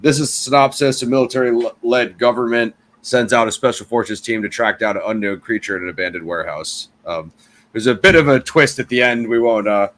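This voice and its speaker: A man's voice: mid-range voice, fairly quick, a bit bright. A man hosting a casual film review show, talking loosely with fillers and restarts. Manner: conversational, lots of fillers and restarts.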